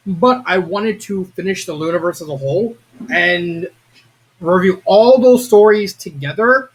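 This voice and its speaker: A young man giving a casual, rambling video review of a fan story, excitable and prone to restarts. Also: high-pitched, a little slow. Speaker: fanfiction reviewer.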